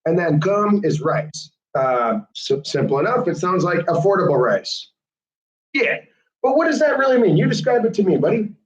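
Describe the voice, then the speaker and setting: Brief: high-pitched male host, chatty and animated, roomy lo-fi sound. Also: moderate pace. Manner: chatty, animated, laughs often. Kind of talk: casual chat.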